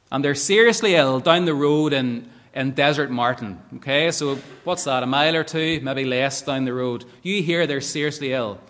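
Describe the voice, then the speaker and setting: Northern Irish preacher in a reverberant hall. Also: male voice, a little high, fairly bright tone. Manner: earnest, rhetorical tag questions. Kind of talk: sermon. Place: church. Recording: long church hall reverb.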